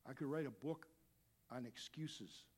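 A middle-aged man preaching a sermon as a pastor, animated, dropping to quiet asides and rising to loud shouts. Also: mid-range voice, measured pace.

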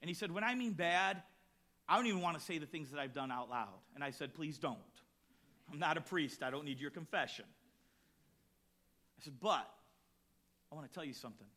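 Male pastor, high bright voice, animated storyteller, shifts from near-shouts to hushed lines. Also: fairly quick, pauses often. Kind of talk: sermon with personal story.

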